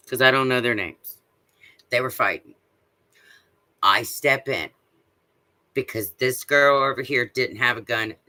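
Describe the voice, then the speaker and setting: A man delivers a blunt, profane rant straight to camera, with a piercingly bright, cutting voice. He hammers his points home with repeated rhetorical questions. The sound is bone-dry, with no room around it. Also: medium pitch, no room sound. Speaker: vlogger. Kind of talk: casual ranting monologue.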